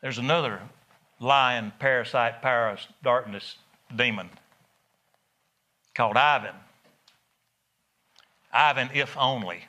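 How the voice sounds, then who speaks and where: A middle-aged man, preaching a sermon in a folksy, animated storytelling way. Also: medium pitch, unhurried, long pauses. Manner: folksy, animated storytelling with laughs and rising emphasis.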